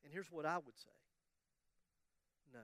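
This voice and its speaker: A man with a high, smooth voice delivers a sermon in a dry, close sound. He tells a story with humor and acts out the voices of the people in it. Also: measured pace, a bit bright, no echo. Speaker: pastor.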